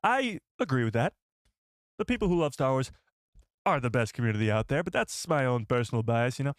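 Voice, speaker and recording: A man hosting a live stream, chatting with viewers in an excitable, joking way. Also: medium pitch, fairly quick, dry recording, clean studio sound. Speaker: livestream host.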